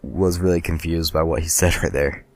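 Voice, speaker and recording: A man's voice: sits low, fairly even intonation, moderate pace, darkish tone, no echo. A man casually commenting on a game as he plays, rambling and joking at himself. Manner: rambling, joking, self-deprecating. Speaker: let's play host.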